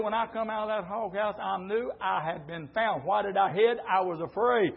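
A middle-aged man preaching a sermon, telling stories and swelling into shouted preaching, heard on a dull lo-fi church recording. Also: high voice, moderate pace, creaky, hardly any pauses, slightly rough.

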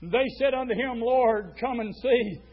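A man preaching a sermon, swinging from hushed storytelling to fiery shouts and stretching out his words. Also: very high-pitched, normal speed, breathy edge, highs cut off. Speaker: pastor.

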